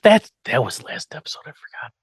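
A man's voice: a little fast, dry recording. A man hosting a podcast, telling an episode's story in a casual chat, acting out quotes and swearing now and then. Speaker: podcast host.

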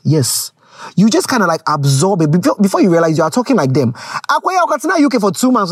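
Lively Ghanaian woman commentating. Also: medium pitch, breathy edge, no room sound, studio quality. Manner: rambling, frank, mixes English with Twi. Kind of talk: casual commentary to camera.

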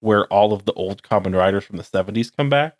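A man's voice: on the low side, fast talker, no room sound, studio quality. A young man co-hosting a casual podcast chat, rambling with lots of "like". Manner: rambling, heavy use of "like". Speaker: podcast co-host.

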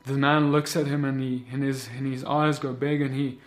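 A man's voice: medium pitch, level tone, normal speed, faint music behind. A man preaching a sermon, recounting a vision and building into impassioned, repetitive exhortation.

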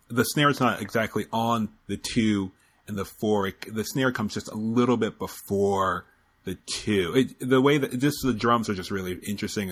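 A man's voice: on the low side, breathy edge. A man co-hosting a casual music podcast, musing in a rambling, hesitant way. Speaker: podcast co-host.

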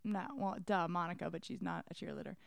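Blunt young woman, clear dry voice. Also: fairly low pitch, fairly even intonation, fast, dry recording. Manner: blunt, swears casually. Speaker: podcast co-host. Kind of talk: casual chat.

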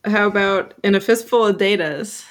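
A woman's voice: mid-range voice, normal speed, slight background noise. A woman hosting a casual podcast chat, prompting the others with questions. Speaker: podcast host.

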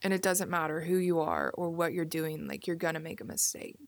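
A young woman hosting a solo podcast, musing casually with many "like"s and soft asides. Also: sits low, fairly quick, no echo. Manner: casual, musing, filler-heavy with frequent "like". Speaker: podcast host. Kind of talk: reflective solo podcast monologue.

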